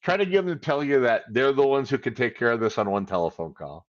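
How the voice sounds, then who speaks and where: A man's voice: medium pitch, very animated, fast, highs cut off. A man giving a live credit repair coaching talk, animatedly acting out phone calls.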